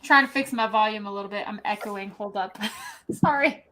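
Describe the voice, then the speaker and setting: A woman's voice: mid-range voice, moderate pace, very noisy. A woman hosting a casual live stream from her laptop, bubbly and joking, reading out viewer comments and laughing often. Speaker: show host.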